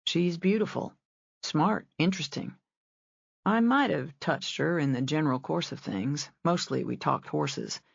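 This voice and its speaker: A laid-back ranch man talks low and unhurried, as a woman narrator reads him. The sound is dull and dry, as from a close booth. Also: vocal fry, slightly rough, dry recording, heavily acted. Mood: relaxed. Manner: relaxed, understated, low.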